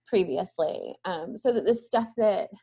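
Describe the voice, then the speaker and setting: A woman's voice: mid-range voice, measured pace, creaky, dark tone, husky, dull audio. A woman in her thirties talking as a guest in a casual conversation, thoughtful and often ending points with a questioning "right?".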